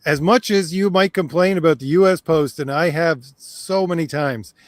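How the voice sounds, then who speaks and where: A man from Canada chatting casually as a co-host, easygoing and quick to laugh. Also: a little high, dry recording. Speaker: podcast co-host. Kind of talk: casual chat over a video call.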